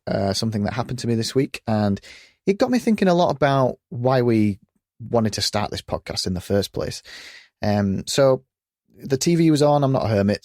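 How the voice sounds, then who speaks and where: A man's voice: lowish voice, darkish tone, no room sound, clean studio sound. A man, co-hosting a podcast in a chatty, storytelling way. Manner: chatty storytelling with acted-out quotes. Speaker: podcast co-host. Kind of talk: casual podcast chat.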